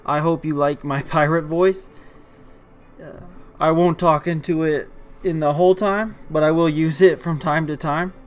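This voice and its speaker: A man's voice: on the high side, fairly even intonation, measured pace. A man hosting a casual gameplay commentary video, rambling with many fillers. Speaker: gaming video host.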